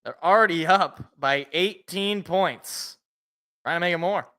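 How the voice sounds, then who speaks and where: High, bright-voiced young man calling plays. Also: measured pace. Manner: chatty, rambling, restarts mid-sentence. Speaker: live reaction host. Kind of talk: casual play-by-play commentary.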